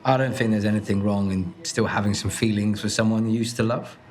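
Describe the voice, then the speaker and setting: Deep-voiced teasing actor as a young man on a date. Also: fairly quick, a little hiss or hum, natural voice.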